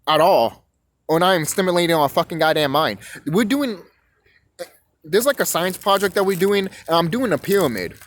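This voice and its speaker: A man's voice: fairly high pitch, low-quality recording. A young man delivering a rambling, profane rant monologue, stumbling over and repeating words as he goes. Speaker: vlogger.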